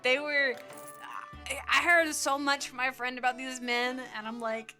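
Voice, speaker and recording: A young woman with a Midwestern American accent chats while she plays a game, drifting through stories and breaking into giggles. Her voice sits high and sounds bright and clear. Soft game music plays underneath. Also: level tone, measured pace. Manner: rambling, giggly, quotes people in character. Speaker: gaming streamer. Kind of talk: casual storytelling while playing.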